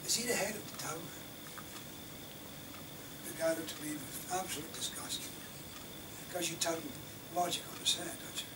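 A man's voice: a little high, normal speed, long pauses. Impassioned man lecturing from afar. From Scotland. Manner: rhetorical, indignant, swings between loud emphasis and near-whispers. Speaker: defence lawyer giving a lecture. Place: university lecture hall. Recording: distant mic in a lecture hall, faint room noise.

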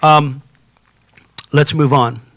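A man preaching a sermon in a casual, storytelling way, pausing to ask the congregation questions. His voice is bright and forceful, sitting a little high for a man. The sound is dry and close. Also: fairly even intonation, no room sound. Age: adult, has children. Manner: conversational preaching with frequent rhetorical questions and asides. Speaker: pastor.

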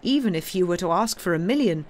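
A woman's voice: fairly low pitch, expressive, normal speed, natural voice. Woman voicing a stuttery snooty banker guy, flustered. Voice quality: stammering, haughty. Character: pompous, flustered middle-aged male banker. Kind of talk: reading a novel aloud on a livestream.

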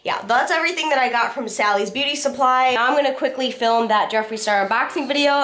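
A woman's voice: fairly high pitch, fairly bright tone. A woman in her twenties vlogging casually to the camera, chatty and bubbly, with a nasal, stuffed-up voice from a cold. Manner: chatty, bubbly, with frequent swearing. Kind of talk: casual vlog talk to camera.

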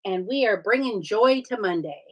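A woman's voice: mid-range voice, lively intonation, moderate pace. A woman hosting a casual live stream, chatting with viewers and greeting them by name while she builds. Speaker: live-stream host building brick sets.

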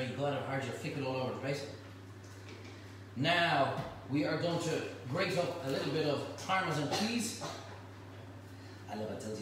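A man's voice: mid-range voice, heavy reverb, far from the mic, background noise. A man hosting a casual cooking demonstration, chatty and jokey as he cooks and talks to his helpers in a home kitchen. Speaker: cooking show host.

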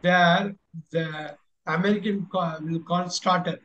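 An encouraging male teacher, leading an online class. His voice sits high and he keeps repeating his instructions, stopping and starting with fillers. The sound is dull and lo-fi. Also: fairly even intonation, slow pace, fairly bright tone, a little hiss or hum. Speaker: English teacher. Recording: dull lo-fi recording.

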